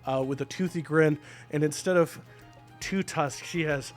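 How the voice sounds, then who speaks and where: A man's voice: fairly high pitch, normal speed, soft background music. A man narrating as game master of a tabletop game, casual and chatty with many fillers.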